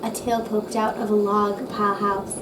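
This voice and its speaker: Woman, storybook reader, calm rhythmic reading, distant mic, background hiss. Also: medium pitch, normal speed, reverberant. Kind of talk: bedtime story reading aloud.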